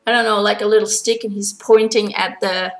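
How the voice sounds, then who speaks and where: A woman's voice: medium pitch, little pitch movement, brisk, low-quality recording. A woman medium answering follower questions in a chatty, giggly way, relaying a spirit's words. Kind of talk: casual channeled Q&A monologue.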